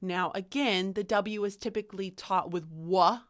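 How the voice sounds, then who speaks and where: A woman's voice: medium pitch, a little slow. A young adult woman teaching phonics to camera, speaking carefully and sounding out letters as she demonstrates. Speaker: literacy teacher.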